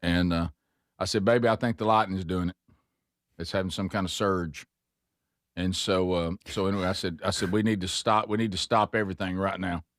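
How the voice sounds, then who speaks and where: A very deep-voiced man tells a rambling, self-mocking story, circling back and restarting his sentences as he goes. His voice is recorded dry and close, with no room sound at all. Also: fairly even intonation, a little fast, fairly bright tone, dry recording. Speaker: host. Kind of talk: casual chat, storytelling.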